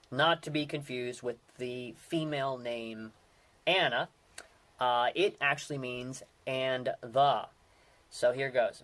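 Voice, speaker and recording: A man's voice: mid-range voice, animated, measured pace. Rambling man, casual talk. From Western Pennsylvania. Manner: rambling, many fillers and restarts. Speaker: podcast host.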